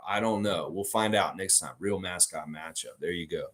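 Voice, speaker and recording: A man hosting a live basketball stream, chatting with viewers and telling an improvised story, slipping into quick character voices. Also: deep voice, fairly bright tone. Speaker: sports podcast host.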